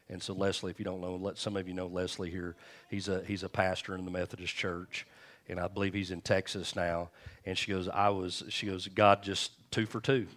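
Low-voiced man preaching a sermon. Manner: storytelling, conversational preaching with restarts. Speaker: pastor.

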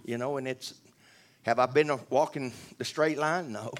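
A man's voice: medium pitch, steady tone, moderate pace. Man, church testimony, earnest, conversational, lots of restarts and asides to the room. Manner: rambling, earnest, with many restarts and asides to the audience. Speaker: church member giving testimony. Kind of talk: spoken testimony.

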